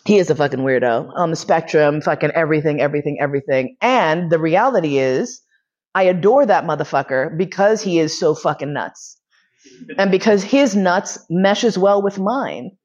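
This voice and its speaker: A woman's voice: low voice, expressive, moderate pace, a little mellow. A woman giving a casual, profane, often laughing storytelling talk. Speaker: lecturer. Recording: dull lo-fi recording.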